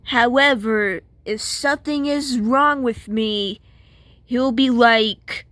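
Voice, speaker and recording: Woman doing a sassy washing machine girlfriend, kinda high, swoopy voice, dry close mic. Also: slow, fairly bright tone, dry recording. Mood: exasperated. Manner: sassy, exasperated. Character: exasperated young female washing machine girlfriend. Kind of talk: comic strip voice acting.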